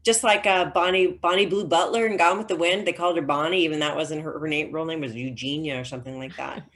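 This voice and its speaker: Middle-aged lady writer, kinda low voice, chatty, lots of ums, video call. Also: steady tone, fast talker, a bit bright. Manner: chatty storyteller with frequent ums and restarts. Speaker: novelist, guest author. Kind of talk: casual conversational interview.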